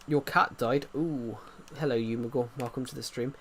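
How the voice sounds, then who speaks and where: A man's voice: medium pitch, normal speed, fairly bright tone, slight background noise. An English man chatting casually on a livestream, rambling with many restarts and fillers, his throat sore. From England. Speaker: livestream host.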